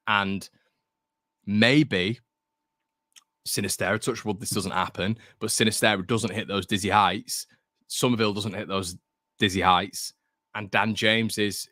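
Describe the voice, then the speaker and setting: A man's voice: sits low, pushed and bright, no echo, clean studio sound. Chatty man hosting a fan stream. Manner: chatty, reads out viewer comments, opinionated. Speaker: fan channel host. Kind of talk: casual live-stream chat.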